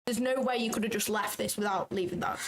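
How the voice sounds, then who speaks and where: A woman with a Northern English accent from the Manchester area hosts a trading livestream in a mid-range voice, with a little hiss or hum in the background. She's chatty and teasing and quick to laugh.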